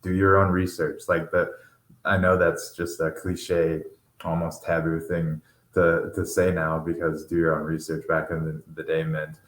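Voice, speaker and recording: A man's voice: rumbling low, monotone, a little slow. A man hosting a casual podcast chat, rambling and laughing easily. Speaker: podcast host. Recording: roomy echo.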